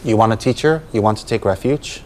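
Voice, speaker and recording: A man's voice: fairly low pitch, fairly quick, darkish tone, slight background noise. A man, a Buddhist teacher, giving a dharma talk to students, emphatic and full of rhetorical questions.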